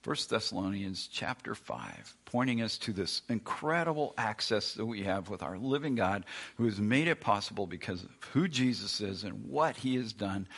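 A pastor preaches a sermon in a lowish, slightly bright, husky voice, leaning on emphatic, repeated lines. Along the way he acts out the complaints of doubting listeners.

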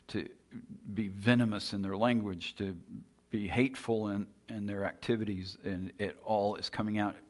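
A man preaching a sermon in an earnest, emphatic way, moving between quiet passages and loud, raised points. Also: on the low side.

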